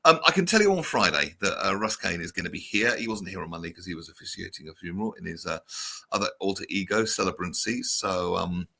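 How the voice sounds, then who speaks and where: A man's voice: deep voice, animated, fast, vocal fry, sharp tone. A man hosting a casual chat show, chatty and reading out viewer comments. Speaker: show host.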